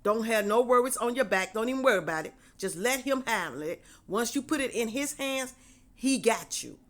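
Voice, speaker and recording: A woman's voice: fairly high pitch, expressive, moderate pace, a bit bright. Woman giving repetitive faith encouragement. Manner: repetitive, preachy, conversational. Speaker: faith vlogger. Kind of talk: casual spoken encouragement.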